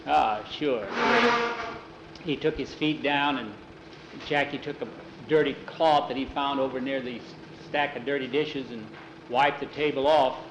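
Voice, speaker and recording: A man's voice: medium pitch, fairly even intonation, moderate pace, roomy sound, muffled recording, background noise. A man telling a story aloud in a casual, conversational way, with many "he says" tags. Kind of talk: oral storytelling.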